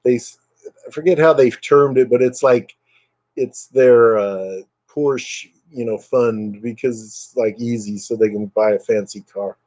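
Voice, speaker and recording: A man hosting a casual livestream, low on energy and a bit fried in the voice, rambling as he answers viewers' comments. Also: unhurried, a little mellow, dry recording. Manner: rambling and chatty, reading out viewer comments, drifting into brief impressions. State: low energy, recovering from illness. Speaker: livestream host chatting with viewers. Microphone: computer webcam mic.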